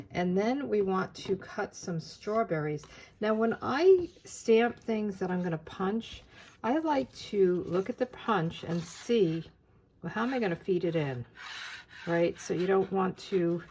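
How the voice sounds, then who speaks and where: Lowish-voiced woman chatting through a craft demo. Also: slight background noise. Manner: chatty and relaxed, with frequent filler words while working with her hands. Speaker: papercraft demonstrator. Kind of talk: casual step-by-step craft tutorial.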